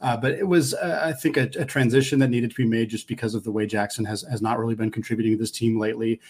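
A man with a husky, slightly rough voice talks through college basketball results. He speaks casually, pausing to restart phrases as he works out his point. His pitch sits in an ordinary middle range for a man. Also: fairly even intonation, a little mellow. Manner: analytical, thinks aloud with restarts. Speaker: sports podcast co-host. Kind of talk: casual sports talk.

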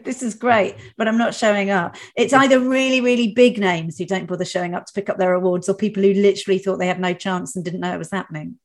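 A woman's voice: medium pitch, steady tone, fast, few pauses. A woman hosting a podcast, interviewing a guest in a teasing, freely swearing way, then reading the outro. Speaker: podcast host.

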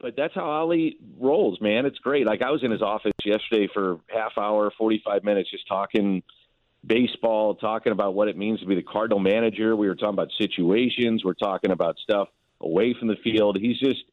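Lowish guy calling into sports radio, phone line sound, chatty and loose. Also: brisk, no echo. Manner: conversational, lots of fillers and restarts. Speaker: baseball broadcaster, guest. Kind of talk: casual sports radio chat. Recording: tinny dry phone line.

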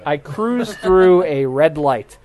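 A young man from Michigan, a podcast host telling a story with lively, acted-out scenes and frequent laughter. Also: a little high, takes it slowly, a crowd in the background. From Michigan, USA. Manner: animated storyteller, acts out scenes, laughs often. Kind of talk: casual storytelling chat.

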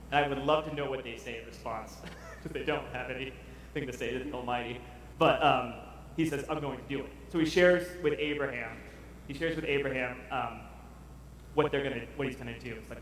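A man preaching a lively sermon to a congregation, acting out the voices of Bible figures as he goes. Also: mid-range voice, a little hiss or hum. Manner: animated, acts out Bible figures. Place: large church hall. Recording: echoey hall recorded from far off.

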